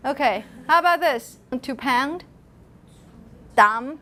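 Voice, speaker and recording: A middle-aged woman lecturing a university class, asking students questions and modeling sounds aloud in a lively way. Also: high-pitched, a little slow.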